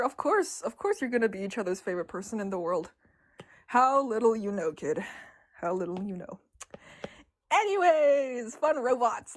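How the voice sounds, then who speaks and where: Giggly high-voiced young woman streaming. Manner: giggly, excitable, laughs often. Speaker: artist streaming her drawings. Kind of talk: casual livestream chat.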